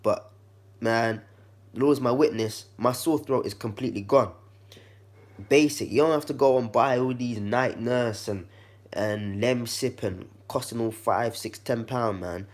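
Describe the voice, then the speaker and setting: In his kitchen, a male vlogger walks through a relaxed how-to, chatting with the viewer as if with a friend. His medium-pitched voice is darkish, a bit croaky and congested, and he keeps a measured pace.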